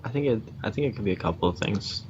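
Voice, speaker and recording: Low-voiced young man, dull lo-fi mic. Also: lively intonation, quick pace, background noise. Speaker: let's play co-host. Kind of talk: casual gameplay commentary.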